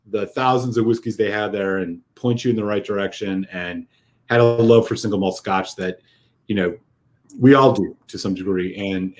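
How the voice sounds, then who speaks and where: A man co-hosting a casual whisky chat, telling a heartfelt, rambling story with lots of fillers. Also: on the low side. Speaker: whisky podcast co-host.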